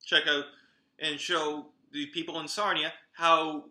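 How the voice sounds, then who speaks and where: Bright, excitable male wrestling vlogger. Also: a little high, unhurried, reverberant. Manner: chatty, excitable, talks straight to viewers. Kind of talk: casual event roundup.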